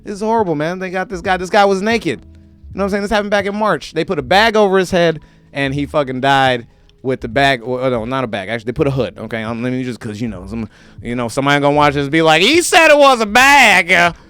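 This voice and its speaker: Animated man ranting, fairly high voice. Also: fast talker, smooth, no room sound, faint music behind. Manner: animated, profane, slips into mocking voices. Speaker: show host. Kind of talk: comedic rant to camera.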